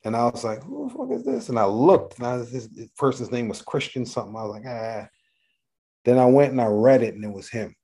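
A middle-aged man, a rapper guesting on an interview, telling animated stories, acting out voices and swearing freely. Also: medium pitch, a little fast. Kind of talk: casual storytelling interview.

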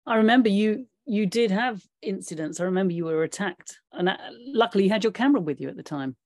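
A woman's voice: medium pitch, animated, fast, a little mellow, dry recording, studio quality. A woman interviewing an old acquaintance, prompting him with shared memories and laughing lightly. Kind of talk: conversational interview.

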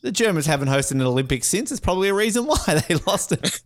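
A man co-hosting a podcast, talking in casual banter that is animated and rambling, with lots of laughing and swearing. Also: sits high, quick pace. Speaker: podcast co-host. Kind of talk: casual banter ranking mascots.

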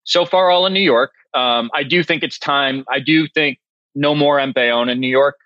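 A man's voice: mid-range voice, normal speed, dry recording, muffled recording. A man in his forties from Massachusetts, a chef guesting on a podcast, talking in a dry, self-mocking way. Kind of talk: casual interview chat.

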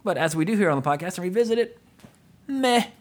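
A man's voice: high voice, animated, rapid-fire, slight background noise. A man hosting a podcast, chatting casually about an old film, rambling with lots of fillers and frequent chuckles. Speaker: podcast host. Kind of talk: casual film-review chat.

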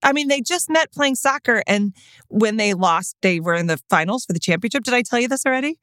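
Animated middle-aged woman telling stories. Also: fairly high pitch, a little fast, no room sound, clean studio sound. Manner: animated storyteller, lots of laughter and acted quotes. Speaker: podcast co-host. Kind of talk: casual chat.

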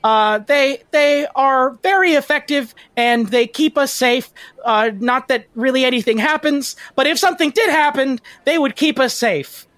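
A woman's voice: high voice, moderate pace, fairly bright tone, dry recording. A woman voicing an eager young male city tour guide who talks in an upbeat, nervously reassuring way.

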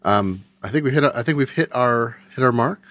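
A man's voice: medium pitch, fairly quick, fairly bright tone. A man hosting a casual tech podcast, talking in a wry, joking way full of rambling asides. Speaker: podcast host.

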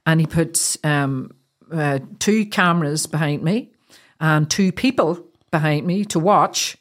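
In a low voice, a middle-aged Irish woman recounts a personal experience as a guest in an interview. Her telling is halting, full of fillers and restarts.

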